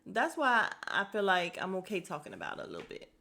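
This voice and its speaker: A woman's voice: medium pitch, huge pitch swings, brisk, creaky, bright, forceful tone. A woman hosting a casual podcast recap of a reality show. She talks straight to her listeners, laughs often and speaks bluntly, with some swearing. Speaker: podcast host.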